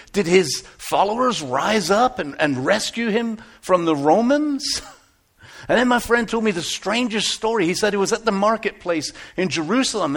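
An actor playing an aging biblical shepherd, telling his story earnestly, moving between hushed tones and exclamations. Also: high voice. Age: older. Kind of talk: first-person dramatic monologue.

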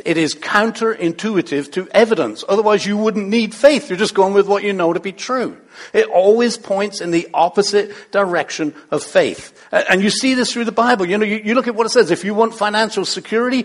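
A man preaching a sermon in a playful, conversational way, full of rhetorical questions. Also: high-pitched. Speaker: pastor.

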